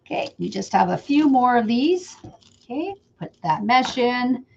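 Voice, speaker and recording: A woman's voice: fairly high pitch, sing-song, measured pace, vocal fry. Chatty woman demonstrating wreath making. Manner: chatty, talks to viewers by name while working. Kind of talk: casual live-stream crafting demo. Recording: slightly dull lo-fi sound.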